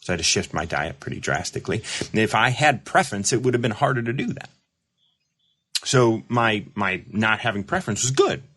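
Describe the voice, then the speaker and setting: Low-voiced man musing on a livestream. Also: very animated, brisk, a bit bright. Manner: rambling, reflective, many fillers and restarts; reads viewer comments aloud. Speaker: recovery mentor and show host. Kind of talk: casual livestream monologue.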